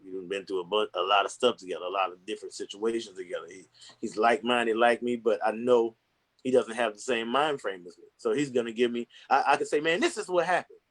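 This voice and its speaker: A man's voice: lowish voice, steady tone, fast talker, fairly bright tone. A man speaking candidly and earnestly in casual conversation, rambling with restarts and slang. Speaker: podcast guest.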